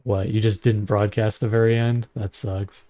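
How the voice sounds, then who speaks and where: A man's voice: on the low side, little pitch movement, moderate pace, warm tone, a little hiss or hum. A man casually chatting and joking while streaming a game. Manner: offhand, joking, swears. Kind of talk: casual gaming stream chat.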